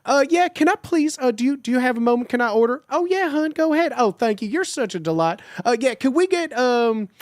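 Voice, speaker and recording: A man's voice: extremely high pitch, animated, fairly quick, hardly any pauses, no echo, studio quality, pitched above the performer's own voice. A man putting on a sweet-voiced Southern drive-thru worker with a thick, sweet drawl and a doting manner. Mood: sugary.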